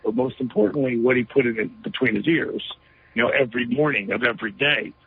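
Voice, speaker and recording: A man's voice: medium pitch, a little fast, gravelly, slightly rough, no echo. A man being interviewed, telling a story emphatically with lots of "you know" fillers over a phone line. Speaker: interview guest.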